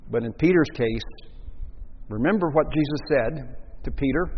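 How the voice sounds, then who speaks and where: A man's voice: on the high side, big pitch swings, normal speed, in a large hall, highs cut off, slight background noise. A man preaching a sermon, telling a story and acting out the voices of the people in it. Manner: storytelling, acts out quoted voices.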